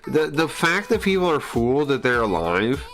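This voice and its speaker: A man's voice: mid-range voice, very animated, normal speed, fairly bright tone. A man livestreaming, talking in a casual, rambling way, arguing his opinions and often repeating and restarting phrases. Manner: argumentative, lecturing tone.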